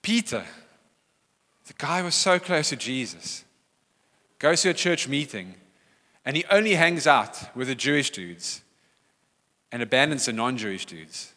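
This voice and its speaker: A man's voice: medium pitch, very animated, measured pace, long pauses, sharp tone. A man, a pastor, preaching a sermon in a church hall and acting out quoted voices with animation.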